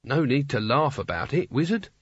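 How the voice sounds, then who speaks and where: A fierce young woman thief, blunt and brusque, as a male narrator puts her on, her lines lifted higher than his own voice. The tone is husky, and the recording sounds dry and slightly dull. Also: expressive, normal speed, no echo. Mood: defensive. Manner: brusque, curt.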